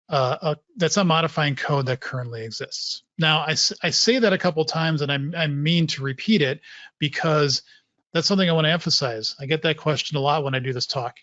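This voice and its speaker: A man presenting a technical talk to developers, explaining in a relaxed way and repeating points for emphasis. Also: on the high side, no room sound, muffled recording.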